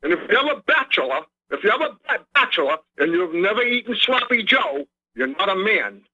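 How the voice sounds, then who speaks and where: A man's voice: high voice, very animated, a little fast, sharp tone, full character voice. A man on a phone call doing an impression of an older male presidential candidate with a Boston accent, rambling and scolding. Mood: testy. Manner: rambling, scolding, repeats himself. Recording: muffled phone line.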